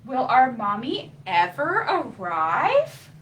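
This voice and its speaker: A woman playing a nestful of tiny storybook baby birds, chirping high and fretting in small worried voices. The pitch leaps about, and the voice sits a little away from the mic over faint room noise. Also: wildly swooping pitch, takes it slowly, a bit bright, far from the mic, exaggerated voice. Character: hungry baby birds waiting in a nest.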